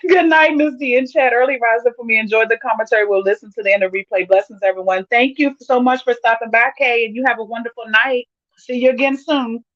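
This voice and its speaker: A woman's voice: a little high, brisk, a bit bright, no echo, dull audio. A woman hosting a casual livestream, reading viewer comments aloud and laughing often. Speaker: livestream host reading chat.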